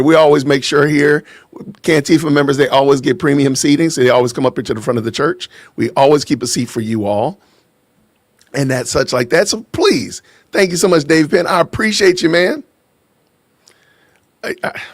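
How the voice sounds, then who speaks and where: A man's voice: on the high side, dry recording, studio quality. A man from Illinois hosting a casual live stream, joking, laughing often and greeting his chat. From Illinois, USA. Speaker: livestream host. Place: lives in Georgia, USA.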